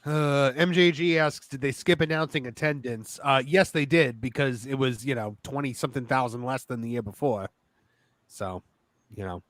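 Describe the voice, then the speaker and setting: A man's voice: mid-range voice, moderate pace, fairly bright tone, dry recording. A man hosting a casual livestream chat who reads out viewer questions and chats easily with his co-hosts. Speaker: livestream host.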